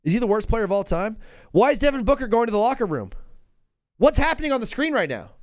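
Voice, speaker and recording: A man hosting a live basketball call-in show, talking in an excitable, joking, rambling way. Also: extremely high pitch, fast, no room sound. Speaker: host.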